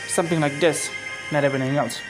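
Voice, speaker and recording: A man's voice: on the high side, fairly even intonation, quick pace, poor audio. A man casually reading aloud his own fan-made story, rambling with frequent restarts and self-corrections. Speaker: fan fiction narrator. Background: music.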